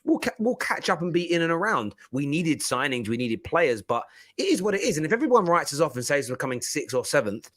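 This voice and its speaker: A man hosting a football podcast in an animated, casual chat. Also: a little high, brisk, hardly any pauses. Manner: animated, laughing, chatty.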